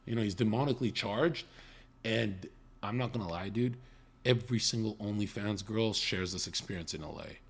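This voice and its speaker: Husky young man ranting on stream. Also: on the low side. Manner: profane, fast storytelling with mocking quoted voices. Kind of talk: casual stream chat.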